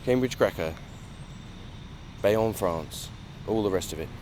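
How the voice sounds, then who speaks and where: A man's voice: low-pitched, measured pace, a little mellow, slight background noise. Rambling, emphatic man outdoors. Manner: rambling, emphatic free-styling. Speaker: vlogger. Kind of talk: off-the-cuff vlog monologue. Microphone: phone camera held by a companion.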